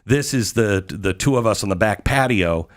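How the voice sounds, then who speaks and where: A fairly low-voiced man hosting a talk show, telling a story in a monologue. He is eager and excitable, leans hard on his key words and fires off rhetorical questions. He sounds like he is speaking in a studio. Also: normal speed. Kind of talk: monologue recounting a visit.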